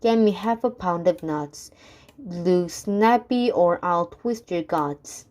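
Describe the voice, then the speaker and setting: A woman's voice: fairly low pitch, slow pace, a little mellow. A woman voicing a greedy, demanding male beast that lives in a child's tummy, in a storybook reading. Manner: demanding, threatening.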